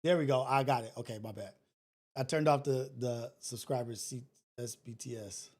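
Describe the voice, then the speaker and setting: A man hosting a casual livestream, talking to viewers directly in an emotional, preachy way that swings between loud and soft. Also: mid-range voice, moderate pace. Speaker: livestream show host.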